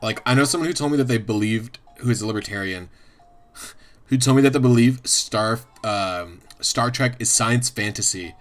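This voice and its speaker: A man's voice: mid-range voice, normal speed, faint music behind. A man streaming, chatting casually and ramblingly, swearing a lot and often laughing. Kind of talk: casual livestream chat.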